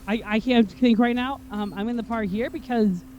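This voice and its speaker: Hoarse, frustrated let's-play commentator. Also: mid-range voice, fairly even intonation, moderate pace, a little mellow, highs cut off, slight background noise. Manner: easily frustrated, swearing and complaining at the game. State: hoarse, voice going. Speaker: video game let's-play host. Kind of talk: gameplay commentary.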